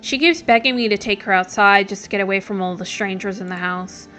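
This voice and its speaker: A woman's voice: medium pitch, brisk, pushed and bright, faint music behind, natural voice. A woman voicing a weary neighbor who shelters strangers, in a plain, resigned matter-of-fact reading.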